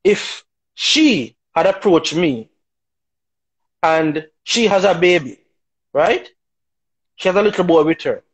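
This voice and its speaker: A man speaks as a talk show guest, his voice pitched high with a husky edge. He argues his views emphatically, piling up rhetorical questions. The delivery is opinionated and forceful. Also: animated, slow, pauses often, poor audio. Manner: emphatic, rhetorical, keeps asking "right?".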